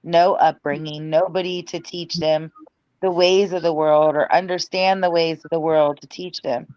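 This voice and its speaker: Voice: medium pitch, steady tone, moderate pace, darkish tone, clear, resonant tone, dry recording. A podcast co-host chatting casually and chiming in with short agreements. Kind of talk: casual chat. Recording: dry, dull lo-fi audio.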